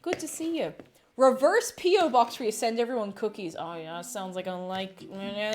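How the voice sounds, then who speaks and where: An Irish woman streaming while she bakes. She chats casually in her home kitchen, reads out viewers' messages and greets each one excitedly. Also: mid-range voice, moderate pace, soft background music. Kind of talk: casual livestream chat while baking.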